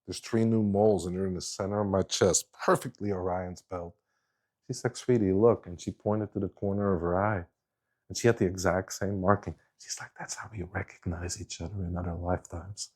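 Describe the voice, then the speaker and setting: A man's voice: low voice, steady tone, normal speed, a little mellow. A middle-aged man telling a story in a casual, rambling way, often restarting his sentences. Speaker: guest speaker.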